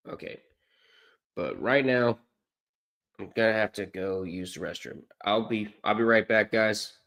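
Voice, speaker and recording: A man's voice: fairly low pitch, takes it slowly, creaky, long pauses, a bit bright. A man chatting casually on a live stream as he watches college basketball, rambling, correcting himself and poking fun at himself. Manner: rambling, self-correcting, self-deprecating.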